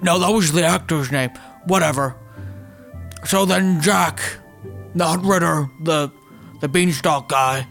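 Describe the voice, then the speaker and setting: A man's voice: a little high, a bit bright. A man doing an impression of a rambling elderly former president, telling a fairy tale as a comic story. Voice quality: gravelly, rambling, digressive.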